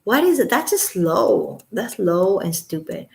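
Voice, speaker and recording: Her mid-range voice is creaky and somewhat dark yet very animated, and she takes her time. The Los Angeles woman is at home reading a court filing aloud, cutting in with sarcastic disbelief and the occasional whisper.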